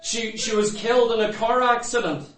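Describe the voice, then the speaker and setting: A man's voice: very high-pitched, steady tone, normal speed, fairly bright tone. A man preaching a sermon to a congregation, fervent and full of repeated rhetorical questions to the people in front of him. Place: church. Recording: echoey room, mic far off.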